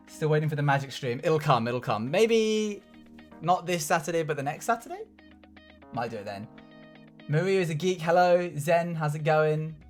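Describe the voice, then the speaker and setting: A livestreamer chatting casually from home, laughing often and greeting viewers one by one. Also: medium pitch. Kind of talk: casual live-stream chat. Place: home room.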